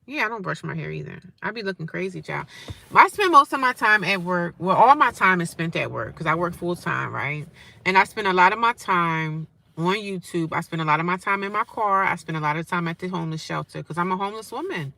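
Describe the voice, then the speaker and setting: A woman's voice: lowish voice, animated, a little fast, gravelly, no echo. Defiant, sarcastic woman in her forties. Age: 40s. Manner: defiant, sarcastic, swings from loud to muttering. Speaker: vlogger. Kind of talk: casual direct-to-camera rant.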